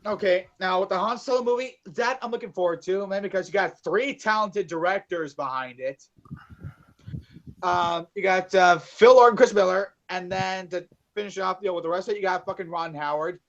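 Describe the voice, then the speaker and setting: A man's voice: high voice, normal speed, a bit bright, highs cut off. A man co-hosting a casual podcast about movies, rambling with many fillers and swearing. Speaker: podcast co-host.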